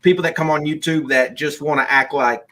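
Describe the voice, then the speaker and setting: Male streamer host, casual rambling chat, raised pitch, bright tone. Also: fairly even intonation, a little fast. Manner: rambling, with frequent restarts and "like". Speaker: streamer hosting a live call-in.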